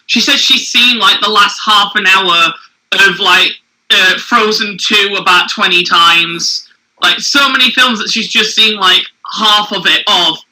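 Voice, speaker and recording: Bright-toned chatty woman podcaster. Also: mid-range voice, a little slow, poor audio. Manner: chatty, giggly, rambling with filler words. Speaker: podcast co-host. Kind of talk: casual chat.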